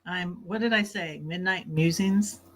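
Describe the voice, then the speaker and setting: A woman's voice: on the low side, a little slow. A woman hosting a casual late-night livestream from her bed, chatty, laughing often and snacking while she talks. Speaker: livestream host.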